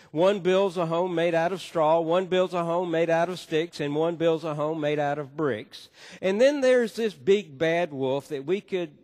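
A male pastor preaching to his congregation with emphatic storytelling. His voice sits a little high for a man and rolls out through a long sanctuary reverb. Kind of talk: sermon. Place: church sanctuary.

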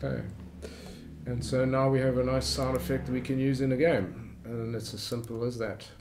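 Gravelly man explaining software. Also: mid-range voice, normal speed, noisy background. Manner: relaxed explaining with frequent "uh" fillers. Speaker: YouTube tutorial host. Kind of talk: screen-recorded software tutorial.

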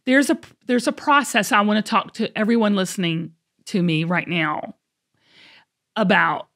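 A woman's voice: medium pitch, moderate pace. Chatty woman hosting a podcast. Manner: chatty, animated storyteller who laughs often. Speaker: host. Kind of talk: casual podcast chat.

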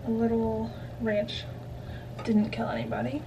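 Slow-talking young woman vlogger, noisy phone. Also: fairly high pitch, flat delivery, creaky, distant mic. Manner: chatty, rambling with many fillers. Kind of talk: casual vlog chat.

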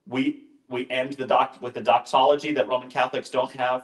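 A man's voice: medium pitch, level tone, brisk. A male pastor giving an informal, conversational talk, often interrupting himself with asides and jokes. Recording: roomy echoing room.

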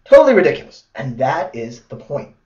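A man teaching a video lesson, telling goofy stories in a playful, animated way. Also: medium pitch, fairly quick. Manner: playful storytelling, animated asides. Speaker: test prep tutor. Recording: roomy, dull lo-fi sound.

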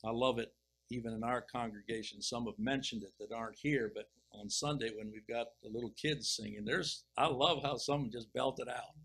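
A middle-aged man preaching, reading scripture slowly and deliberately, then commenting with emphatic swells. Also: mid-range voice, a bit bright, slightly rough, low-quality recording. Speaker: pastor. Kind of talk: expository sermon reading and explaining scripture.

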